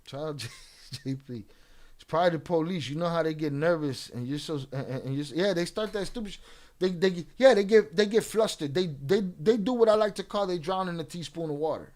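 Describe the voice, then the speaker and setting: A man's voice: fairly high pitch, a little fast, a little mellow. A man hosting a livestream, ranting at chat in a profane, confrontational, taunting way. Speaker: livestream host. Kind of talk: livestream rant addressing chat.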